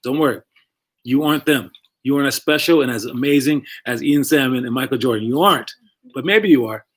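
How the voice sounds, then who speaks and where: A man's voice: mid-range voice, brisk, breathy edge. A man coaching young basketball players on a live stream, talking casually and rambling, repeating phrases for emphasis.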